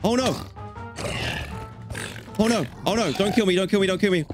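Over music, a young gaming host gives let's-play commentary in a high-pitched voice at a moderate pace. He shifts between relaxed talk and panicked yelps.

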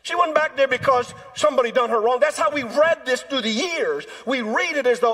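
A male pastor preaches a sermon in a notably high voice. His tone is husky and breathy, and he acts out quoted voices with drama. The sound rings with long reverb from the church sanctuary. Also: animated, a little fast, few pauses, fairly bright tone.

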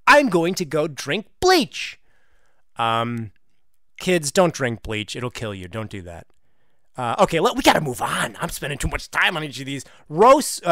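A man's voice: fairly high pitch, a bit bright, dry recording, studio quality. A young man hosting a gaming video, giving comedic, sarcastic commentary with self-mocking asides.

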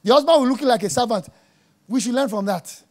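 A man preaching a sermon, emphatic and jabbing, dropping to quiet asides and rising to loud exclamations. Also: extremely high pitch, expressive, a little fast.

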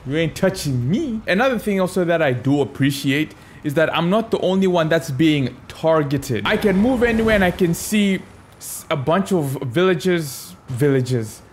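A man narrates his gameplay in a high, sing-song voice that swoops up and down. He takes his time with his words, teasing the enemies he meets and chuckling. Clear noise and game sound sit behind him. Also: animated, normal speed. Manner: playful, talks back to enemies and chuckles. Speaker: gaming video creator. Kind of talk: casual gameplay commentary.

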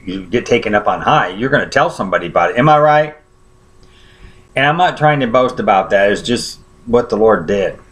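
Conversational male preacher telling a story. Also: fairly low pitch. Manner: conversational, often checks in with listeners. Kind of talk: sermon storytelling.

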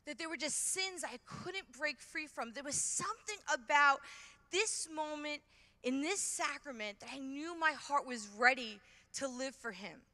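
A middle-aged woman from Brooklyn with a New York accent, giving an animated testimony talk at a conference and acting out her own reactions. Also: high voice, a little slow. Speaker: conference speaker. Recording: hall reverb from a large venue.

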